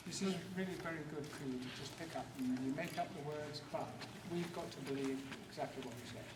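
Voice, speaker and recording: Older man, playful panel host, slightly high voice, recorded far off in a noisy hall. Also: fast talker. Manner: encouraging, playful, anecdotal. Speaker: guest actor leading a panel. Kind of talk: convention panel, coaching volunteers in improv. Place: large convention hall. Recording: echoey hall, far from mic, noise.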